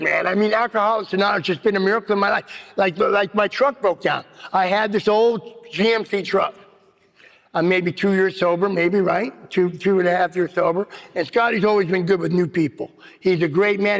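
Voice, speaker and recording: A man's voice: high voice, gravelly, a bit bright. A man giving a rambling personal recovery share at a meeting, full of "you know what I mean.". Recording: long hall reverb.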